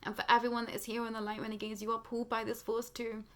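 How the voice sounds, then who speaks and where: A woman close to tears, speaking earnestly and slowly about a spiritual awakening as host of her channel. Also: fairly high pitch, completely flat delivery. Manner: tearful, earnest, slow heartfelt pauses. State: close to crying. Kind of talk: emotional spiritual monologue.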